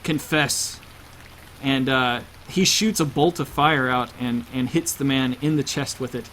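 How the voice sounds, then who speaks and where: A man's voice: mid-range voice, moderate pace, fairly bright tone, slight background noise. A man narrating a tabletop role-playing game as game master.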